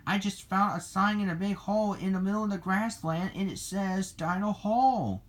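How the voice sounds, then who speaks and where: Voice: medium pitch, normal speed, pitched above the performer's own voice, natural voice. A reader voicing a timid jackal pup. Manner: timid, whimpering. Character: young jackal pup, nervous and loyal. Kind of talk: storybook reading.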